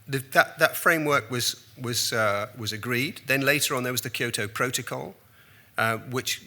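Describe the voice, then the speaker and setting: A man's voice: mid-range voice, bright, forceful tone. A man in his sixties giving a conference talk as a journalist and keynote speaker, telling rambling, self-deprecating anecdotes with frequent restarts.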